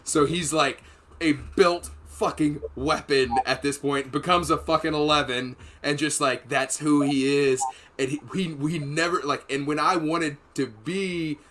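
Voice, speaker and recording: A man's voice: on the high side, fairly bright tone. Man, podcast host, rambling, profane, casual storytelling. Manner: rambling, profane, laughing between stories.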